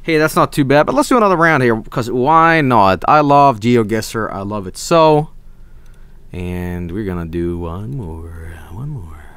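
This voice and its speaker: A young man with a Swedish accent streaming a geography guessing game, thinking aloud, swearing and breaking into excited yelps. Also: fairly low pitch, measured pace, clear, resonant tone, no room sound. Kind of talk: casual gameplay commentary.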